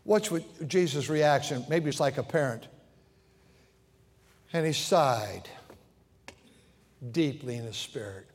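A man preaching a sermon as pastor, swinging between shouted passages and hushed tones. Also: medium pitch, slow pace, long pauses. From United States. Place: large church sanctuary. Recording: long hall reverb in a church.

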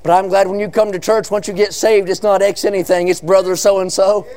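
A man's voice: sits high, level tone, a little fast, darkish tone, clean tone. A man preaching a fiery revival sermon, thundering and chanting in a rhythmic cadence through long repeated lists.

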